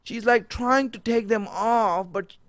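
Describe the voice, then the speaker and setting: A man preaching an emotional sermon, repeating his phrases and building to near-shouts. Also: extremely high pitch, slow pace, no echo.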